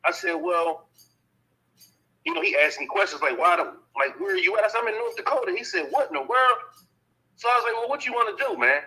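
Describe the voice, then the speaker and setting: A man casually telling a long story about transporting a dog, animated, often adding "you know what I'm saying" and acting out what others said. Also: sits high, fast talker, poor audio.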